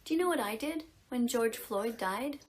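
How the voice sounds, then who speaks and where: A woman's voice: fairly high pitch, expressive, normal speed. A woman giving a dramatic, moralizing activist monologue in an accusatory tone. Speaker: vegan activist. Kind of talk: preachy social media monologue. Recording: clip with music playing behind. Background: music.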